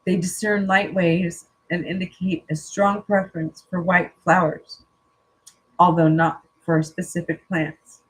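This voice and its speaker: A spiritual coach reading an inspirational text aloud in a slow, earnest way, teary-eyed and stopping now and then for casual joking asides. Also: mid-range voice, level tone, a bit bright, breathy edge, rough recording.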